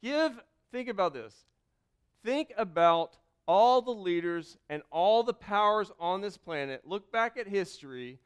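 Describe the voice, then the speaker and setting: A man preaching a sermon as pastor, reading scripture aloud, with sudden shifts between loud emphasis and quiet asides. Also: high-pitched, animated, unhurried, clear, resonant tone.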